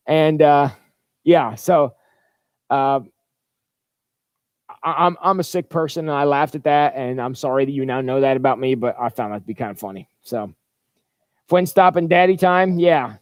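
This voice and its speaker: Pastor, male, high-ish voice, dry close sound, informal and rambling with frequent restarts. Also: no echo. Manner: rambling, chatty, with stumbling restarts. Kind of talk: livestreamed informal Bible-study talk. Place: church.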